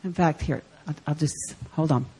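Animated woman preaching with stories. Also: sits low, normal speed, a little hiss or hum, poor audio. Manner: animated, acts out quoted voices, swings from loud to hushed. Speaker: guest speaker. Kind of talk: sermon storytelling. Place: church service.

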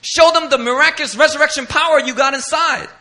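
A man's voice: very high voice, fast talker, voice pushed up, heavily acted. A pastor voicing a pushy male onlooker who mocks and bosses Jesus to stop crying and act tough. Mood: scolding. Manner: mocking, bossy, loud.

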